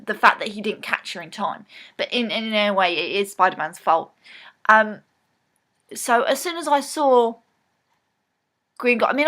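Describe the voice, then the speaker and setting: Her mid-range voice bright and pushed, a woman vlogs a rambling film recap straight to camera. She's chatty and loose, often saying um and starting over.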